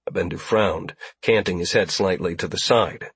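A man narrating a science fiction audiobook in a steady, even storytelling manner. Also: deep voice, moderate pace, creaky, breathy edge, no room sound. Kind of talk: scripted narration.

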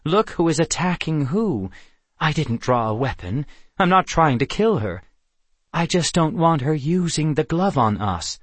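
A man reading an audiobook, voicing a dark unicorn in human form who speaks in a firm, clipped, commanding way. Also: fairly high pitch, very animated, measured pace, dry recording, pitched above the performer's own voice. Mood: insistent. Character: dark unicorn in man's form, cold and controlling. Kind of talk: audiobook character voice.

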